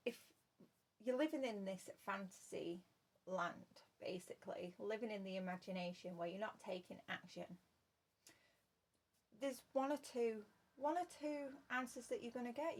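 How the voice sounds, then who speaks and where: A woman with a medium-pitched, darkish voice gives an earnest spoken tarot reading to her viewers. She repeats her phrases and calls the listener "love."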